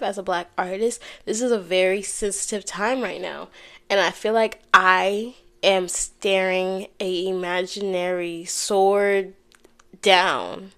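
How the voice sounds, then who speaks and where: A woman's voice: medium pitch, a bit bright. Candid young woman talking solo. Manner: candid, swears freely, says y'all a lot. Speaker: podcast host. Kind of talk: casual solo talk to camera. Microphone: headphones and microphone.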